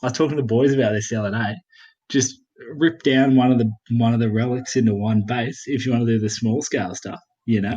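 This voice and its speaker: A man's voice: medium pitch, steady tone, brisk, warm tone, breathy edge, lo-fi sound. A man from Portugal talking casually as a guest on a gaming stream over a voice call, rambling with slang and the odd swear. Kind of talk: casual voice chat.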